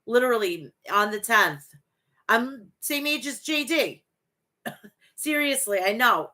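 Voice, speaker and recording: Slow and sharp-toned, her slightly high voice swings widely in pitch. A woman in her forties hosting a relaxed wrestling podcast, she reads out her live chat, swearing, gushing and rambling along the way.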